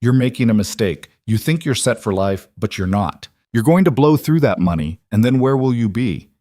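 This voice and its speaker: A man's voice: mid-range voice, animated, moderate pace, warm tone, no room sound, clean studio sound, lightly acted. A man voicing a smug male cafe boss who talks down to people and pressures them. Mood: pushy. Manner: pressuring, condescending.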